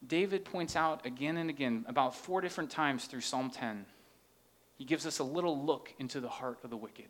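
A man's voice: mid-range voice, moderate pace, fairly bright tone. A man preaching a sermon, earnest and rising into impassioned questions as he reads scripture. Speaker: pastor.

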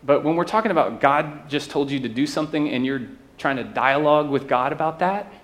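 A man's voice: on the high side, a little fast, fairly bright tone. A man preaching a sermon to his church, talking conversationally and often checking in with the listeners. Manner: conversational preaching with asides and tag questions. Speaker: pastor.

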